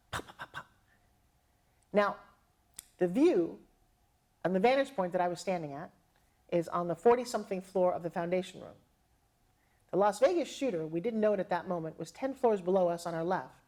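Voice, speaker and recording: With vivid, theatrical energy, a middle-aged woman shares a personal tale, voicing the people she quotes herself. Her pitch swings up and down as the animated story unfolds.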